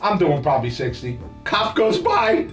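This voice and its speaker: A podcast host from New Jersey, an older man, rambles and laughs through profane childhood stories in casual storytelling style, with huge pitch swings at normal speed. His voice is high for a man. He's far from the mic in an echoey room, with faint music underneath.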